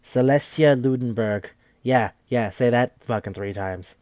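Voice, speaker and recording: A man's voice: mid-range voice, a little slow, darkish tone, no echo. A man hosting a podcast, recapping a game in a rambling, joking, profane casual chat. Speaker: podcast host.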